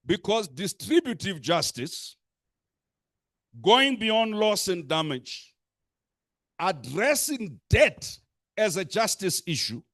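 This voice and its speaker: A man's voice: high voice, sing-song, fairly bright tone, no echo, clean studio sound. A man giving an impassioned speech to a youth assembly, rhetorical and emphatic, repeating phrases and listing points for effect. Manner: deliberate, emphatic pacing with lists. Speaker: speaker addressing a youth assembly.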